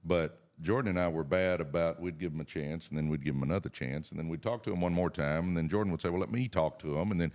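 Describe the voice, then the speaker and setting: A middle-aged man hosts a casual business podcast. His voice sits very low and deep, and he talks in a folksy, earnest, pep-talk way. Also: quick pace, hardly any pauses, a little mellow. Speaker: podcast co-host.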